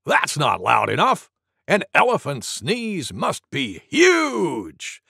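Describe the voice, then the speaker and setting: A man putting on a gruff, grunting wild boar. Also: fairly high pitch, huge pitch swings, slow, pushed and bright, no echo, clean studio sound, full character voice.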